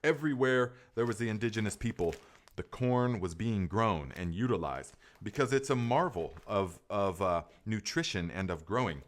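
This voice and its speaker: A man's voice: on the low side, lively intonation, normal speed. Chatty man hosting a gardening live stream. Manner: rambling, enthusiastic, many fillers and restarts. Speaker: gardening podcast host. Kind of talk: casual live Q&A chat.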